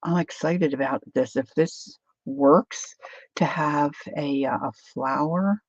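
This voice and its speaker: A woman's voice: low voice, takes it slowly, breathy edge, no echo, highs cut off. A woman hosting a craft livestream, rambling chattily through a demo and answering viewer comments.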